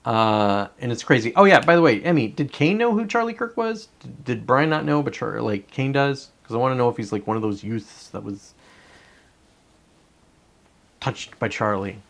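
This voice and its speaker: A man with a gravelly, fairly bright, medium-pitched voice talks at a normal speed and with animation on a casual livestream. He rambles and swears, often breaking off mid-sentence and starting over.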